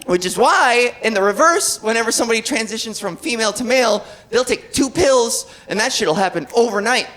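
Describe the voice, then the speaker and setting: A woman's voice: fairly high pitch, expressive, a little fast, few pauses, a bit bright. A woman in her thirties doing a live stand-up set, wry and self-deprecating. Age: 30s. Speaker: stand-up comedian. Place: comedy stage before live audience. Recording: live audience laughter in a club.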